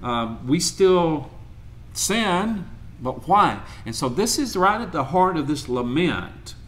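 A man preaching a sermon in a church, reading scripture aloud in an earnest, measured way. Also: a little high, very animated, fairly bright tone.

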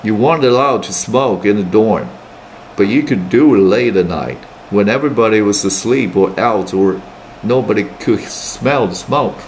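A man teaching English, reading a novel aloud in steady plain narration with brief Mandarin asides. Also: on the low side, moderate pace, a little hiss or hum.

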